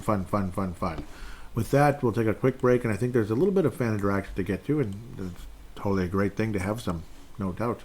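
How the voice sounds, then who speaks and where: A man's voice: on the low side, darkish tone, a little hiss or hum. A man hosting a casual solo sports podcast, rambling and chatty as he reads fan posts aloud. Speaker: podcast host.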